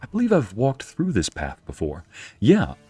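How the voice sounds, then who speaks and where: A man's voice: medium pitch, wildly swooping pitch, moderate pace, warm tone, slightly rough. A young man casually commenting on a game he is playing, joking and laughing often. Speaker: streamer narrating a game playthrough.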